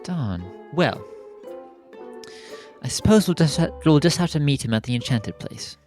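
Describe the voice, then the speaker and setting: A man in a tabletop game speaks in character with a lively, swooping voice. He is playful and relaxed. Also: fairly high pitch, normal speed, soft background music. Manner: playful, expressive. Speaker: player. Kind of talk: casual tabletop role-play.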